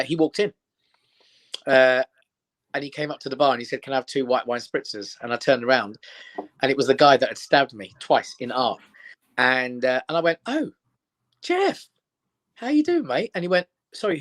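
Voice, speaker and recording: Fairly quick and mid-range in pitch, a middle-aged comedian from England relates lively stories as a guest in relaxed conversation. Along the way he impersonates the people involved, acting out what they said.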